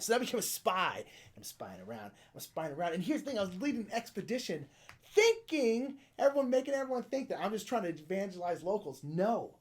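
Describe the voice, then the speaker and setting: Animated man spinning a playful tale. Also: high-pitched, fast. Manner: animated and playful, breaks into loud shouts and whispered asides. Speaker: board game player. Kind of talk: improvised in-character storytelling.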